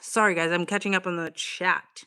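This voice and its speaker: A woman's voice: on the low side, steady tone, normal speed, bright, forceful tone, clean tone. A young woman chatting casually on a livestream from home, swearing freely and reading the chat aloud. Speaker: live streamer. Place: home, evening.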